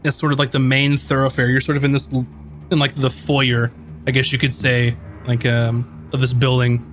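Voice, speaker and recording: A man's voice: mid-range voice, completely flat delivery, normal speed, a bit bright. A man narrating a tabletop game as game master, rambling with many fillers and restarts.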